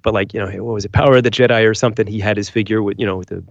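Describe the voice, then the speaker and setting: Man, podcast co-host, loose blunt chatter, low voice, dry muffled audio. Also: steady tone, rapid-fire, dry recording. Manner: loose, filler-heavy, blunt. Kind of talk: casual chat. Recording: dry, dull lo-fi sound.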